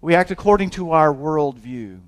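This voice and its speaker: A man preaching a sermon as a pastor, swinging from loud exhortation to hushed intensity, often restarting and repeating his words. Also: a little high, animated, normal speed.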